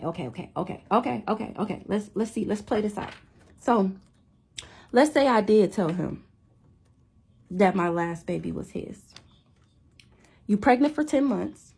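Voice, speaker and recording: Young adult woman, husky, animated storytime rant. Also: high-pitched. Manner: animated, incredulous, repeats herself. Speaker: vlogger.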